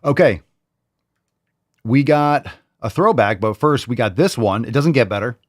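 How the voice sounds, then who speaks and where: A man's voice: medium pitch, expressive, a little slow, no room sound, studio quality. A man hosting a reaction show, mocking and incredulous as he repeats clips he is watching. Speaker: host. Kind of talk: reaction commentary.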